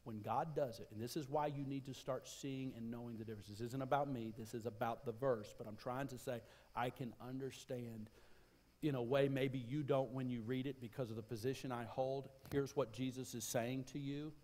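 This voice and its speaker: A man's voice: mid-range voice, fairly even intonation, normal speed, darkish tone. A man giving a sermon as a pastor in a church, talking conversationally and repeating his phrases. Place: church auditorium. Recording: live church sermon with long reverb.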